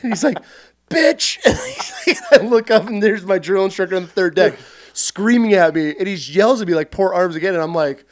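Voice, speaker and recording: A man from central Washington who served as a Marine, telling stories on a podcast in a casual, animated way and acting scenes out loudly. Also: high-pitched, fast talker. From central Washington, USA. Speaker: podcast guest, Marine veteran. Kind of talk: casual storytelling.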